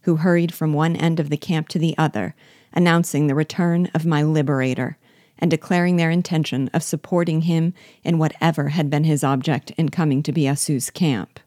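Brief: woman audiobook reader, low register, steady literary narration, dead-dry sound. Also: normal speed, dry recording. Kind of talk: measured literary reading.

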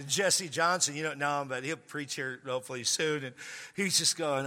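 A man with a high, very bright and cutting voice preaches to his congregation, telling a funny story. He exaggerates for laughs and bursts into sudden shouts. His voice rings out with a long reverb in a large church hall. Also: lively intonation, normal speed. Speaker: pastor. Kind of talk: humorous sermon storytelling.

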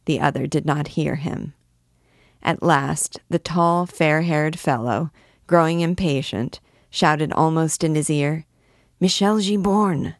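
A woman reading a classic novel aloud, measured and expressive, lifting her voice for quoted shouts. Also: low voice, dry recording, clean studio sound. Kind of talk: read-aloud narration.

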